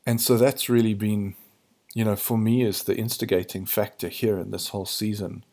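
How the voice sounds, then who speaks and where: A man hosting a podcast, thinking aloud in a hesitant, searching way, his voice hoarse and gravelly in the early morning. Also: on the low side, fairly even intonation, moderate pace, darkish tone. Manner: searching, hesitant, restarts to find words. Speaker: podcast host. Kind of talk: reflective spiritual monologue.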